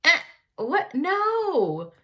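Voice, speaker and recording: Woman playing blunt skeptical young guy, bright incredulous slang. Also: mid-range voice, lively intonation, normal speed.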